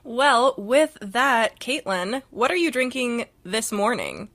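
A young woman co-hosting a casual podcast, dry and sarcastic, laughing often between remarks. Her voice is fairly high and sharply bright. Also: very animated, slow. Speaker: podcast co-host. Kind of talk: casual chat.

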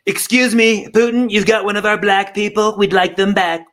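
A man's voice: high voice, steady tone, moderate pace, a bit bright, voice pushed up. A man impersonating a boastful, blustering male president who makes demands.

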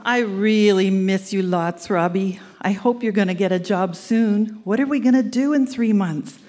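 A woman's voice: medium pitch, normal speed, dark tone. A woman in her sixties from Canada reading her old love letters aloud on a live stage, teasing and laughing through them. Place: live event centre stage.

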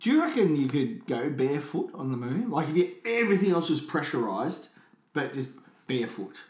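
Co-host, man, playful banter, lively slightly high voice, echoey room. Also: fairly quick. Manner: playful, jokey. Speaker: podcast co-host. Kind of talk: casual chat.

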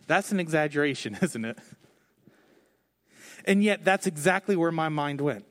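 A man preaching a conversational sermon from the stage, telling his own story candidly with lively, expressive delivery. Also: a little high, a little slow, pauses often. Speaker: pastor. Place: on stage before a congregation.

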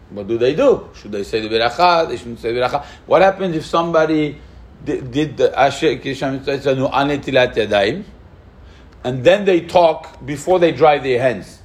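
Animated man teaching a law class. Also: medium pitch, moderate pace. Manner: lively, questioning, mixes Hebrew terms into English. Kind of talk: spoken Jewish law lesson.

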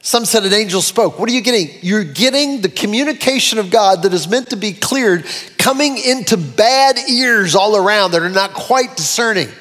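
A man preaching with animation and a fairly high voice, swinging his pitch up and down as he quotes scripture. His words ring out with a long reverb, as in a large hall. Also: expressive, normal speed, fairly bright tone. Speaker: pastor. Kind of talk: sermon.

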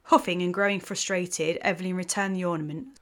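A woman reading a romance story aloud in an even, measured way. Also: on the low side. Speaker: host and story narrator. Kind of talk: scripted story narration.

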